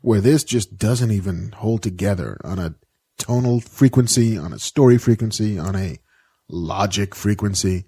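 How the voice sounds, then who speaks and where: A man's voice: on the low side, moderate pace, dark tone, breathy edge. A man co-hosting a podcast, chatting casually and wryly about a film. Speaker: podcast co-host. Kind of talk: casual film review chat.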